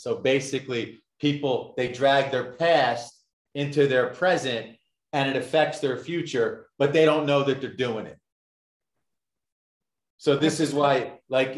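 A man tells his own story as a podcast guest, emphatic and given to repeating his points. His voice sits at a middle pitch. The room around him sounds echoey. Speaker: guest, addictions success coach.

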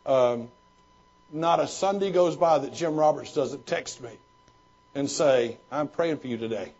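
On a dull lo-fi recording, a pastor and former missionary responds to questions with folksy stories, frequently restarting. His voice is on the high side with a darkish tone, and he keeps a measured pace.

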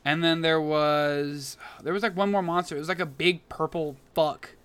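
A man co-hosting a casual podcast, swearing freely and telling animated stories. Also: a little high, normal speed, clean tone. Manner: profane, animated storytelling. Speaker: podcast co-host. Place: Las Vegas.

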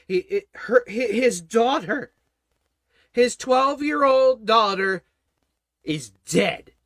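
High-voiced guy preaching a bible study, fervent, repeats himself for emphasis, dry close mic. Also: sharp tone, dry recording.

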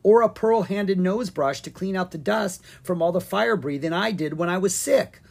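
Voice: medium pitch, moderate pace, vocal fry, a little mellow, pitched above the performer's own voice. A reader voicing a cheeky, stubborn young boy dragon in a storybook.

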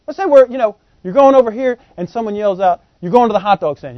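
Guy preaching, high voice, gets loud and animated, dull dry podcast sound. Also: fast, few pauses, dry recording. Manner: animated, folksy, acts out voices in quotes. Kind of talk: sermon.

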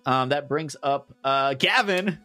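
A man's voice: medium pitch, slow, pushed and bright, soft background music. A man running a tabletop game as game master, narrating the action loosely with lots of fillers.

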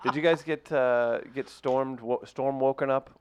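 A man's voice: medium pitch, fairly even intonation, unhurried. A man co-hosting a casual talk show, teasing his co-hosts dryly. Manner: dry teasing. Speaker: co-host. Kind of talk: casual banter.

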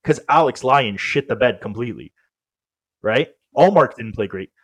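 A man's voice: mid-range voice, lively intonation, normal speed, slightly rough. Man, podcast co-host, casual sports chat, rambling, filler-heavy. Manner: rambling, with lots of "like" and restarts.

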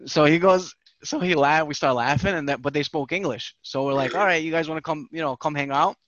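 Guy hyped up telling a wild story on a podcast, kinda high voice, dry muffled audio. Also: a little fast, dry recording. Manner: animated, swearing, repeats himself. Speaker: podcast host. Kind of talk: casual storytelling chat.

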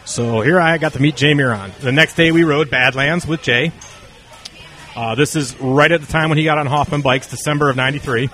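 Guy telling stories casually, slightly high voice, acts out what people said, faint music in the back. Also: brisk. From North Carolina. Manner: animated, acts out quoted dialogue. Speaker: interview guest. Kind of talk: casual storytelling.

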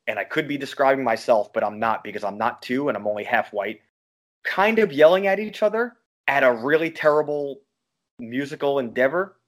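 A man from Long Island co-hosts a podcast and rants freely, swearing as he riffs. His voice sits at an ordinary middle pitch for a man. The talk is loose, casual chat. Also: animated, brisk. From Long Island, New York. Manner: profane, ranting, riffing. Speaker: podcast co-host.

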